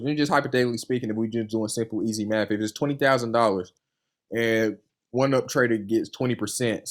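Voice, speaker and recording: A young man, a funded trader, talking casually and earnestly in an interview, with a loose storytelling manner full of "you know" and "man". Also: mid-range voice. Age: young adult. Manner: earnest and enthusiastic.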